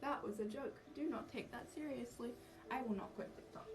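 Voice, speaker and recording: A woman's voice: fairly high pitch, expressive, normal speed, pauses often. Young aussie woman rambling to her stream, jokey and self-mocking, music going behind, mic far off. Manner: chatty, self-mocking, easily sidetracked. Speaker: cosplay livestreamer. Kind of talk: casual livestream chat. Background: background music.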